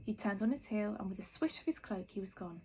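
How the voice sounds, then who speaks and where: A woman reading a children's novel aloud in a soft, hushed narrating voice. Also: mid-range voice, animated, fast talker, slight background noise. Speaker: reader.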